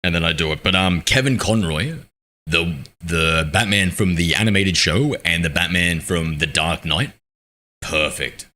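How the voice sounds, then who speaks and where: A man's voice: low-pitched, a little slow, pushed and bright, a little hiss or hum. A man live-streaming a game, chatting casually with his viewers in a rambling, self-deprecating way and reading their messages aloud. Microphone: streaming mic with noise suppression filter.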